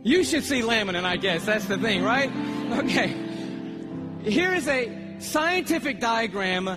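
A man preaching a sermon, telling a story with excitable, animated energy and acting out both sides of a conversation. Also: very high-pitched, unhurried, over music.

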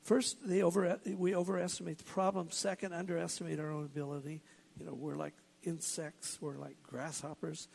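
A man's voice: a little high, level tone, brisk, gravelly, darkish tone, breathy edge. A man preaching a sermon as a pastor, earnest and building to emphatic points.

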